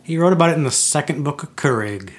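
A man's voice: a little high, expressive, fast talker. A man co-hosting a casual podcast as a minister, telling puns and trading jokes. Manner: punning, jokey. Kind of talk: casual chat.

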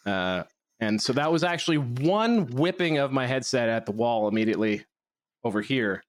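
A man's voice: mid-range voice, expressive, normal speed. A man from Canada co-hosting a casual podcast chat, telling stories in a rambling, self-deprecating way. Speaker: show co-host.

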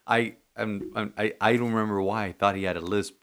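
Male priest podcast host: lowish, earnest, rambling, loose chat. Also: fairly even intonation, a little fast, a bit bright, slight background noise. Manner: earnest, rambling with many restarts and "you know".

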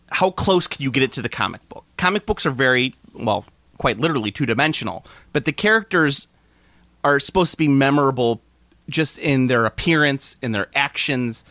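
A man's voice: on the high side, a bit bright, no echo. A man co-hosting a casual film-review chat, talking with enthusiasm and often starting his sentences over. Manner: enthusiastic, rambling with frequent restarts. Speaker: podcast co-host reviewing a film.

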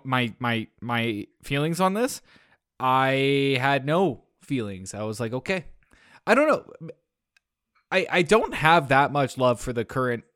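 A man's voice: mid-range voice, a bit bright, clear, resonant tone, no echo, studio quality. A man co-hosting a wrestling podcast, talking in a hyped, loose, rambling way and swearing. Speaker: podcast co-host. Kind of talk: casual wrestling podcast chat.

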